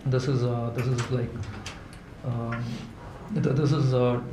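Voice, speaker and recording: A man voicing a furious male king cobra, speaking in a halting, threatening way. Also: medium pitch, little pitch movement, reverberant, background noise, close to an everyday voice. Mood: angry.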